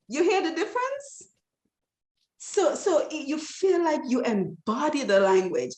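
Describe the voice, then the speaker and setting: A woman's voice: high-pitched, unhurried. Emphatic woman in a roomy space. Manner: expressive, emphatic, animated examples. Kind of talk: passionate explanation. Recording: roomy echo.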